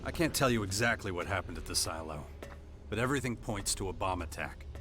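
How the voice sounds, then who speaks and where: An actor voicing a calm, clipped male game protagonist investigating an explosion. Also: low-pitched, fast, a little hiss or hum. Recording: game audio with music behind. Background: music.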